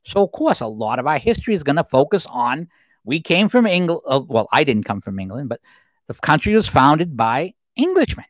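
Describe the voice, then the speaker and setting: A man in his fifties hosts a plain livestream, his pitch rising and falling freely as he rambles through commentary. He circles back on himself with restarts and asides. The sound is dry and close, with no room around him. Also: very animated, moderate pace, dry recording, poor audio. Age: 50s. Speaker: livestream host. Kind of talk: solo political commentary livestream.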